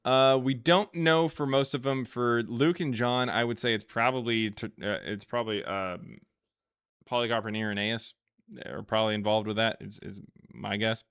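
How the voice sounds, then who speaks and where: A man hosting a live stream, reading viewer questions aloud and answering in a halting, think-aloud way with many fillers and restarts. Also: mid-range voice, steady tone, a bit bright, clean tone, dry recording, clean studio sound.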